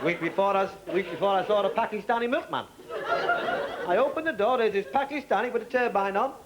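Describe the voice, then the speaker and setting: A man doing a stand-up routine on a club stage, firing off quick punchlines, chuckling through his lines and teasing the audience. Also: sits high. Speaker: stand-up comedian. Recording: noisy live club recording with loud crowd laughter.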